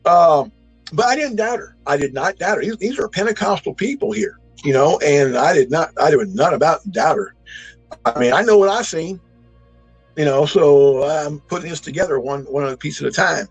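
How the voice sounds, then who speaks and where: A man's voice: on the high side, animated, normal speed, slightly rough, no room sound, soft background music, low-quality recording. A man, telling a true encounter in a folksy, rambling way full of restarts and emphatic bursts. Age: 60s. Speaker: eyewitness storyteller. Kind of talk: casual spoken storytelling.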